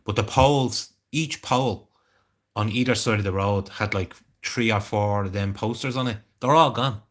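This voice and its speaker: A man's voice: lowish voice, normal speed. An Irish man chatting casually on a live stream, rambling and greeting viewers by name. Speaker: livestreamer.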